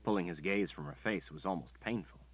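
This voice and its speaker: A man narrating an audiobook in a measured storytelling manner. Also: sits low, breathy edge, dull audio. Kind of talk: scripted narration.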